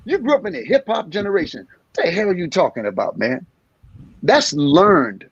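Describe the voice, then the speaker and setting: A comedian in his sixties talking in an animated interview, acting out little scenes in different voices. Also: high voice, moderate pace, slightly rough, no echo, muffled recording. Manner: energetic storyteller acting out voices. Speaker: comedian guest.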